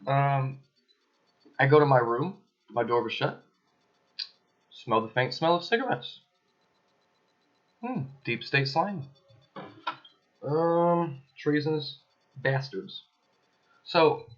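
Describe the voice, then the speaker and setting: Man, home vlog rant, emphatic, accusatory, mid-pitched voice, muffled lo-fi sound. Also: animated, slow, long pauses. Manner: emphatic, accusatory, with suspicious asides. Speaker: video blogger. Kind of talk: casual ranting monologue to camera. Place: his apartment.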